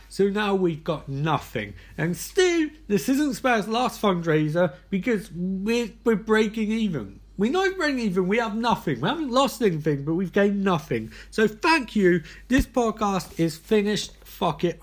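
A man hosting a podcast as a comic monologue. He is exhausted and swings between frantic swearing rants and tired mumbling. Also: high voice. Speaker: podcast host.

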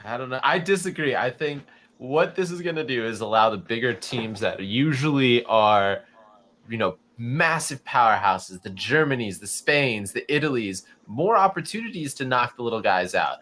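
A man co-hosting a live-streamed chat show, arguing his point in an animated way and laughing as he talks. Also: medium pitch, normal speed. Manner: animated, argumentative, laughs while talking. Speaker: podcast co-host. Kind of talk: casual debate chat.

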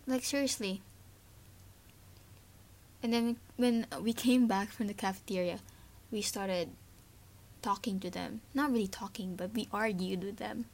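A woman's voice: mid-range voice, fairly even intonation, moderate pace, gravelly, a little mellow. A Filipino woman hosting a podcast and sharing her views in an earnest, emotional, casual way, with frequent fillers. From Philippines. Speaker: podcast host. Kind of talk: casual personal commentary.

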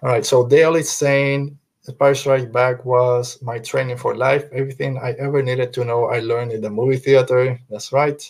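A man's voice: medium pitch, little pitch movement, moderate pace, a little mellow. A man hosting a casual fan podcast, talking earnestly and emphatically, hammering his points home by repeating them, with a loose conversational style. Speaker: podcast host.

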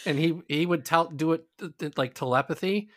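A man co-hosting a casual podcast, telling crude, animated stories. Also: a little high, fairly quick, no echo, clean studio sound. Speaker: podcast co-host. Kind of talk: casual chat.

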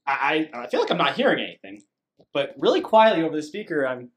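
Animated storytelling podcast guy. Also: fairly high pitch, fast talker. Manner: animated storyteller acting out voices. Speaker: podcast co-host. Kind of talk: casual storytelling chat. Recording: echoey room.

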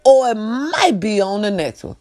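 A woman voicing a confused elderly woman who speaks softly and calls people baby and honey. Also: mid-range voice, very animated, moderate pace, lightly acted. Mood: unsure. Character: sweet, confused elderly woman lost in a dark parking lot.

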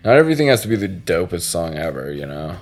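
A man's voice: deep voice, very animated, fast, faint music behind. A man hosting a podcast, chatting casually in a meandering, profane way. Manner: profane, meandering, frequent restarts. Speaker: podcast host. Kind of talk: casual chat.

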